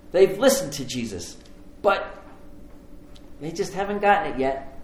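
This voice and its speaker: A man's voice: fairly high pitch, lively intonation, normal speed, pauses often. A man preaching a sermon, telling the story with animation and acting out the voices in it. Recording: echoey room with faint ambience.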